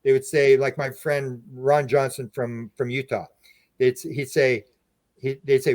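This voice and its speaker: A man's voice: medium pitch, level tone, measured pace, darkish tone, no room sound. A man talking as a podcast guest, explaining his ideas with earnest, rambling restarts. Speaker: podcast guest, UFO researcher. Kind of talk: conversational interview.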